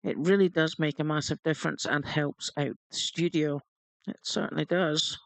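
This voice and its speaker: Gravelly man reading stream announcements. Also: fairly high pitch, moderate pace, no room sound, rough recording. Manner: jokey, reads announcements aloud at a steady pace. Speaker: livestream co-host. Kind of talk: casual gaming livestream chat.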